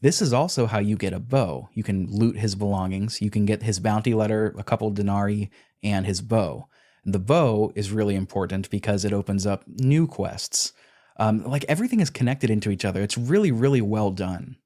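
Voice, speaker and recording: A man's voice: fairly low pitch, fairly quick, mellow. A man on a podcast, casually retelling video game quests and acting out character lines as he goes. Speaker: podcast co-host.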